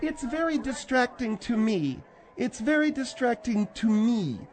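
A man puts on a fussy, prim middle-aged woman with a very high voice. She talks haltingly and takes offense easily. It plays like a comedy radio sketch. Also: lively intonation.

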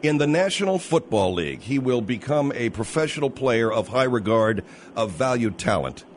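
Radio host guy, quick and dry, runs the calls, slight hiss. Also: mid-range voice, very animated. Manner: brisk, wry, takes charge. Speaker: radio talk show host. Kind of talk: radio call-in show.

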